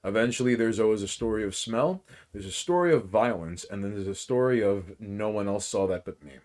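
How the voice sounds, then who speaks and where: New york guy cohosting a podcast, swears a lot, animated storytelling, gets loud then quiet. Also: on the low side, brisk. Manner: profane, animated storytelling with swings in loudness. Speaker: podcast co-host. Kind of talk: casual chat, storytelling.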